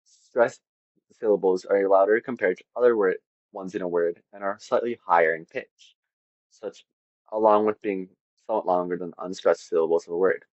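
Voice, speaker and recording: Very deep-voiced man explaining phonetics. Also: fairly even intonation, moderate pace, darkish tone, no room sound, highs cut off. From half Latvian. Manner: self-deprecating, casual asides. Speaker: educational video host. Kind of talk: informal lesson narration.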